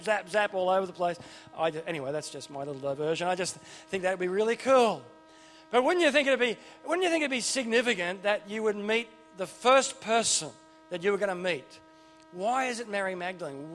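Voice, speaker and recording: A man's voice: high voice, fairly bright tone. A man preaching an informal sermon, enthusiastic and chatty, often restarting his sentences and drifting into asides. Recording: long reverb with faint music behind.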